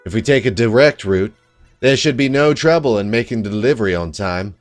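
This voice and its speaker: A man's voice: fairly low pitch, expressive, brisk, faint music behind, lightly acted. A man voicing a folksy fishman freighter captain with a put-on Southern American twang, easygoing and chatty. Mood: friendly. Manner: easygoing, chatty advice-giving.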